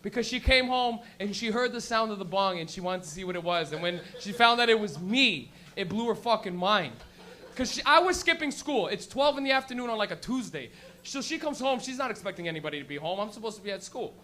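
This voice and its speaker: A man's voice: high-pitched, animated, a little fast, sharp tone. A young man doing a stand-up comedy set on a club stage, telling stories with profanity and laughing at his own jokes.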